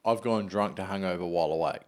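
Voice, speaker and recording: A man's voice: low-pitched, quick pace. A young Australian man telling profane stories in a casual podcast chat, laughing often.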